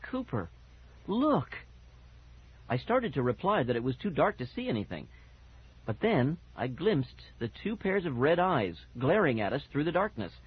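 A man's voice: mid-range voice, very animated, normal speed, husky. A man narrating a first-person scary children's story on audiobook, dramatic and building suspense, on a muffled cassette recording.

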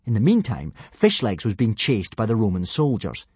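A man narrating a children's adventure story in a playful, lively manner. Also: fairly low pitch, normal speed, husky, dry recording. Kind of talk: audiobook narration.

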